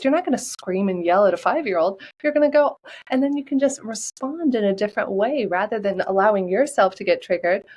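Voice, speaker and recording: Upbeat animated woman guest. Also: on the high side, poor audio. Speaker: podcast guest, coach. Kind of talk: casual interview talk.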